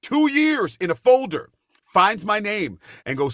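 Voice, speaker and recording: A middle-aged man, a stage actor, telling lively stories in a casual chat, with big jumps in pitch when he quotes people. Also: slow, dry recording, clean studio sound. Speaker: guest, Broadway actor.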